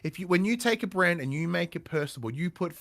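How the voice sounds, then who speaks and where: A man hosting a podcast in casual chat, animated and emphatic, swearing offhand. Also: high voice, fast talker. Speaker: podcast host.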